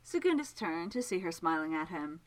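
A woman narrating a story aloud in a gentle, measured, expressive way. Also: lowish voice, low-quality recording. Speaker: reader.

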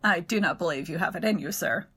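A woman reading the part of a rough-voiced male servant, wry and commanding, who speaks in a dry, measured way. The voice is bright and clear, with a quiet bitter edge to a storybook reading. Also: fairly high pitch. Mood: dry, steady.

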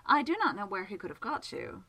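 A woman doing a shy, earnest gentleman magician. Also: mid-range voice, very animated, a little fast, gravelly, husky, heavily acted. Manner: polite, earnest, a little timid. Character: gentle shy anxious male scholar-magician.

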